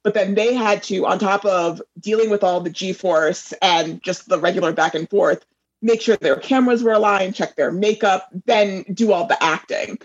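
A man's voice: high-pitched, moderate pace. A man on a film podcast who explains production details in a casual way, recorded on a dull, lo-fi mic. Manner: explanatory, adds facts.

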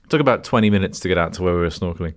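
A man's voice: low voice, racing. A young man telling a funny story in a casual chat, in a dry, self-mocking way.

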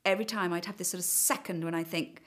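A woman's voice: on the low side, steady tone, fast talker, fairly bright tone. A middle-aged woman giving a hesitant, reflective personal account in conversation, with frequent fillers. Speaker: interviewee.

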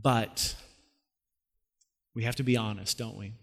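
A man's voice: on the low side, steady tone, unhurried, vocal fry. A man preaching a sermon as a pastor, telling the story in a conversational way and asking the listeners questions. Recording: long hall reverb.

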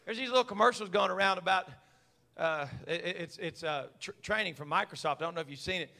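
High gravelly preacher, fiery. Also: male voice, fast talker. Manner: fiery, swings from quiet asides to shouting; stammering, folksy. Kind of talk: sermon.

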